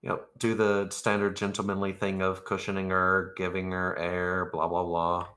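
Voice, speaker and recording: A man's voice: sits low, monotone, normal speed, bright, forceful tone. A man playing in a tabletop game, laid-back and teasing. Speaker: player. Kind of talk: casual tabletop play.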